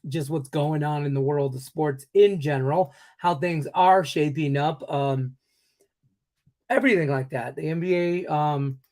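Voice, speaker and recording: A man in his forties hosts a casual live sports betting show, his fairly high, darkish voice moving at a measured pace. He is upbeat and joking, wanders into rambling asides, and hiccups now and then because he has the hiccups.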